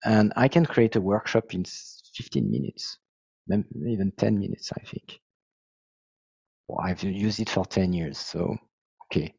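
Brief French man, founder type, halting English, dull dry call audio. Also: deep voice, lively intonation, gravelly, darkish tone, husky, dry recording. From France. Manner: halting, restarts, searches for English words. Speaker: software founder presenting his tool. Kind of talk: casual video-call discussion. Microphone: video call.

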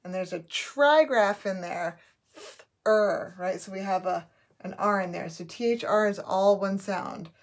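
A woman's voice: medium pitch, a little slow. A woman teaching a phonics lesson, sounding out letters and words patiently for children to repeat.

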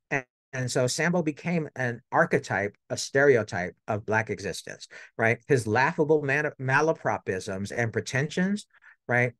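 Middle-aged man, academic lecture, casual asides, mid pitch, dry close sound. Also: fairly bright tone, no echo. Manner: conversational, tags points with "right?".

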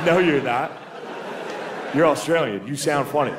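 A man's voice: a little high, animated, takes it slowly, pauses often, heavy background noise. An American man doing a stand-up comedy set on stage, talking in a loose, casual way and chuckling at his own lines. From United States. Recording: echoey venue with loud audience laughter.

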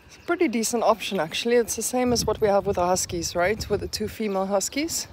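A woman's voice: medium pitch, quick pace, darkish tone, a little hiss or hum. A young South African woman vlogging casually, chatting and cooing baby talk at her dogs. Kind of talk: casual daily vlog. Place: home and outdoor walk.

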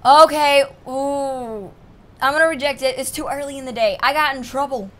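Young woman, gaming host, somewhat high voice, jokey commentary, reads dialogue aloud, casual swearing. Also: fairly even intonation, fast talker, a bit bright. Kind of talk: let's play commentary.

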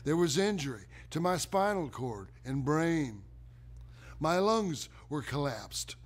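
A middle-aged man performs his own life story as a theatrical spoken monologue, talking slowly and deliberately and letting dramatic pauses hang. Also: on the high side, very animated. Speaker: performer of a one-man autobiographical play.

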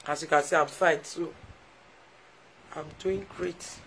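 A woman's voice: deep voice, steady tone, slow pace, a bit bright, a little hiss or hum, rough recording. A woman with a Nigerian Pidgin English accent, chatting casually to viewers on a live stream, effusive and heartfelt as she thanks them often. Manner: emotional, heartfelt.

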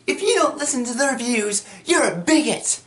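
A man mocking a gushing online activist in a squealing falsetto, shrieking over the top. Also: lively intonation, normal speed, a bit bright. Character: shrill gushing online activist, adult, easily excited.

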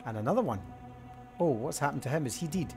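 A man's voice: a little high, animated, fast talker, creaky. A man hosting a let's-play, talking casually and thinking aloud as he works through clues. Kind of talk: casual game commentary. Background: game music.

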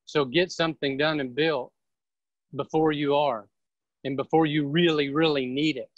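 A woman's voice: sits low, steady tone, normal speed, no echo. Lady preaching hard over a video call, blunt and pushy, dry muffled sound. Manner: blunt, emphatic, preachy, with some swearing. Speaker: real estate team leader speaking as a guest. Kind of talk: motivational pep talk.

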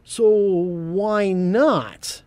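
A man hosting a casual geek news podcast, animated, laughing often and stumbling over his words. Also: high-pitched, drawn-out words. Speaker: podcast host.

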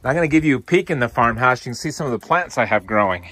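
A man's voice: mid-range voice, lively intonation, rapid-fire, pushed and bright, slight background noise. A man in his forties, a farmer, talking to viewers in a casual, upbeat way while filming himself, out of breath from shoveling snow, outdoors and in a greenhouse. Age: 40s. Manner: upbeat, addresses viewers as guys. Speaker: farmer and channel host. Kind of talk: casual walk-and-talk farm vlog. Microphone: handheld camera, filming himself.

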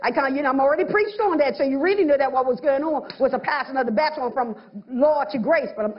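A woman's voice: high voice, quick pace, lo-fi sound. A woman pastor preaching a sermon, acting out little voices of others as she goes.

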